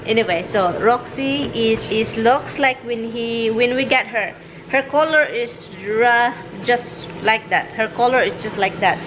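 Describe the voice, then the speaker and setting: A woman's voice: on the high side, measured pace, noisy background. A woman from the Philippines, chatting casually at home in a rambling vlog and talking to her pets. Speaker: vlogger.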